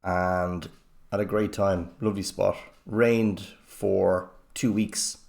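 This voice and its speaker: Rambling man, low voice. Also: steady tone, slow, gravelly, darkish tone. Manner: rambling, blunt, conversational. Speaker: vlogger. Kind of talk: casual monologue.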